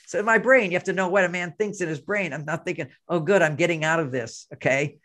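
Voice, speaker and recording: Animated older man telling stories. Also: on the high side, fast, few pauses. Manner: animated anecdotes, acting out both sides of a dialogue. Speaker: guest relationship expert. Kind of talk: conversational storytelling interview.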